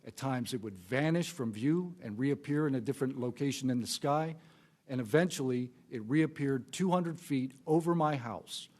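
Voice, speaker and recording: A middle-aged man, a former military police officer, reading a formal prepared statement as a witness at a hearing, steady and measured, into a desk microphone. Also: mid-range voice. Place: congressional hearing room.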